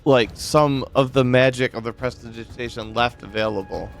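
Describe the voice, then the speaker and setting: A man's voice: medium pitch, normal speed, gravelly, soft background music. A man narrating and ruling as dungeon master of a tabletop game, easygoing and focused on the rules.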